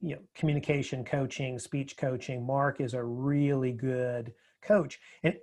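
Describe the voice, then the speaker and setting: A man speaking as a podcast guest, telling his story in a reflective, measured way, often restarting his sentences. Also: mid-range voice, fairly even intonation, a little mellow. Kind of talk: casual interview conversation.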